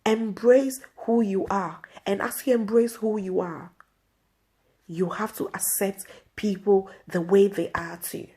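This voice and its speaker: A woman's voice: mid-range voice, steady tone, unhurried, mellow, breathy edge. A woman vlog host giving an earnest inspirational faith talk to camera, repeating her pleas.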